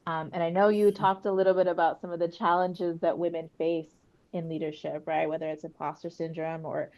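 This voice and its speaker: A woman's voice: fairly low pitch, level tone, a little fast, dull audio. A woman hosting a webinar interview over a video call, asking questions in a conversational way with many fillers. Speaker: webinar host.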